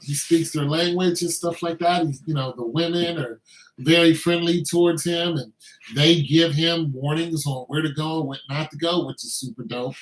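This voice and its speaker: A man's voice: fairly high pitch, moderate pace. Loose-talking man in an echoey room. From Braddock, Pennsylvania. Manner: loose, conversational, heavy on filler phrases. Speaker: army veteran vlogger. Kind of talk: casual commentary monologue.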